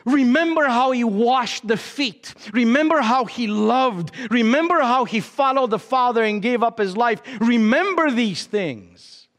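A man preaching a sermon as pastor, with dramatic pauses and emphatic rises and drops. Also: very high-pitched, expressive, fairly bright tone, big-room sound.

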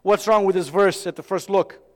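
A man preaching a sermon in an animated way, acting out dialogue and swinging from loud to hushed. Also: high voice, moderate pace, big-room sound. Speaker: pastor.

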